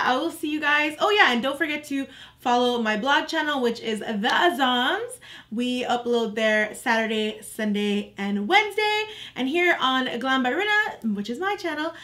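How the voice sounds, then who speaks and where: A young woman vlogger talks casually through her makeup routine. Her voice sits a little high, and she keeps addressing her viewers directly in a relaxed, friendly way. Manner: chatty, relaxed, addresses viewers as "you guys". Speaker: beauty vlogger. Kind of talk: casual makeup tutorial talk.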